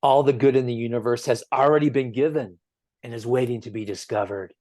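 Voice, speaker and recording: A man giving a gentle, earnest sermon as a minister, telling stories at an easy pace with emphatic swells. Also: medium pitch, steady tone, brisk, dry recording, studio quality. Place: church sanctuary.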